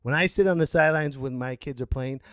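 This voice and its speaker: A middle-aged man hosting a podcast, ranting incredulously and breaking into shouted outbursts. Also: medium pitch, fast, clean tone, no room sound. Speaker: podcast host. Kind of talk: ranting monologue.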